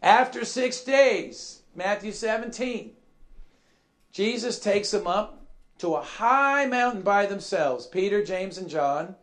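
A man delivers a sermon in a high voice, taking his time over each phrase. He presses his points by repeating them and asking questions. He drops to quiet asides and then rises to loud, shouted emphasis. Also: expressive, slow. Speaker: preacher.

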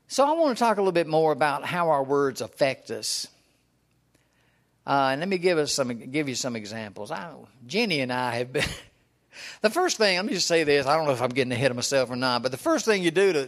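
A man's voice: a little high, a bit bright. Folksy older man preaching. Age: 70s. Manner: homespun, chuckling, storytelling. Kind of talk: folksy sermon with personal stories.

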